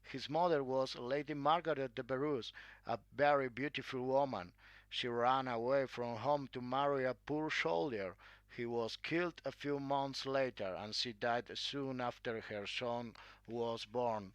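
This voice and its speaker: A man's voice: mid-range voice, fairly even intonation, measured pace, no room sound, close to an everyday voice. A man voicing a chatty, gossipy elderly aristocratic aunt in a read-aloud story.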